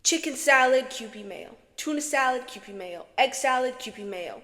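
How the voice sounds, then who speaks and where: A woman's voice: high-pitched, lively intonation, normal speed, a bit bright. A young woman from Morocco chatting dramatically to camera as a vlogger, with a strong echo effect on her voice. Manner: chatty, dramatic, self-talking. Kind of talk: casual chat vlog. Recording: echoey reverb from an echo setting.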